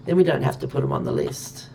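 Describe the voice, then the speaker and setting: A woman's voice: low-pitched, creaky, mellow, slight background noise. A woman chatting casually and thinking aloud as she plays a game on stream. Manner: chatty, thinks aloud while counting items. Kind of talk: casual gameplay commentary.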